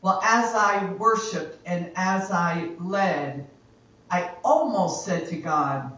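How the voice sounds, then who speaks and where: A woman worship leader giving a spoken exhortation in a church, slow and emphatic, repeating her phrases for effect. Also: on the low side, a bit bright, lo-fi sound. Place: church sanctuary. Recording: very echoey church hall from far off.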